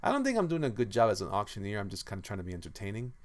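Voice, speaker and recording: Streaming as a comic artist, a man chats casually and playfully with his viewers and reads their comments aloud, often trailing off and repeating himself. His voice is lowish with huge pitch swings, and he talks at a racing speed.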